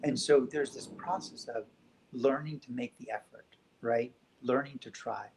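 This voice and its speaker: A man speaking as a guest in a reflective spiritual conversation, soft, gentle and unhurried. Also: medium pitch, a little hiss or hum, poor audio. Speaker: podcast guest.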